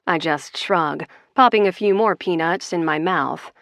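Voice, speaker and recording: A woman's voice: fairly low pitch, a little slow, few pauses, fairly bright tone, no room sound, studio quality. A woman narrating a first-person romance audiobook in a wry, conversational way.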